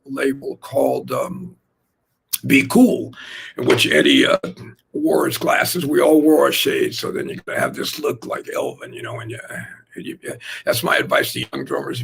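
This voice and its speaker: An older man, a jazz drummer, telling rambling, animated anecdotes in a casual chat, full of fillers. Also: mid-range voice, creaky, breathy edge. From Oakland, California.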